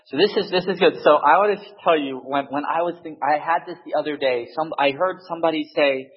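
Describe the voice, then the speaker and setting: Man, casual storyteller in a group discussion; husky voice, full of restarts and fillers. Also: a little high, muffled recording. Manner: halting, many restarts and fillers.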